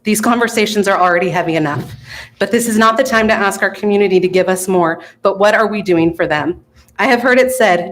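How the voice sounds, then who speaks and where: A woman's voice: mid-range voice, a little fast. A woman from the local chamber of commerce giving an earnest, emotional public comment to a city council.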